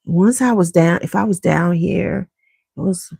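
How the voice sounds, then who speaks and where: A middle-aged woman tells a rambling family story straight to her viewers in a loose, chatty way. Her voice sits fairly low with a gravelly edge. The sound is close and dry, with no room echo, from her home basement. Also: unhurried, dark tone. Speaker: vlogger.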